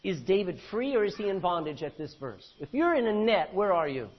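A man's voice: sits high, very animated, fairly quick, husky, muffled recording. A man preaching an expository sermon. He reads scripture verse by verse, then explains it with questions to the congregation. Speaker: pastor.

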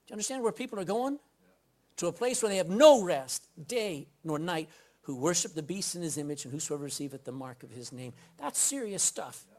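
A man's voice: fairly high pitch, lively intonation, fairly quick, slight background noise. A man preaching a sermon from the pulpit, reading scripture aloud and putting direct questions to the congregation. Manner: emphatic, swings between loud scripture reading and quiet asides. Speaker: pastor. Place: church pulpit.

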